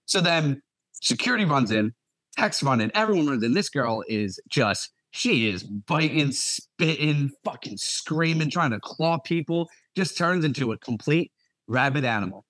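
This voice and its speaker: A young man, a nurse and podcast co-host, telling a profane, animated story in casual talk. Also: on the high side, unhurried, no room sound. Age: young adult.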